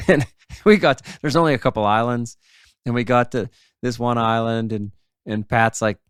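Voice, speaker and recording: A man's voice: medium pitch, moderate pace, smooth, no room sound, clean studio sound. A man hosting a podcast, chatting casually with old fishing friends and telling stories with frequent laughter. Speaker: podcast host.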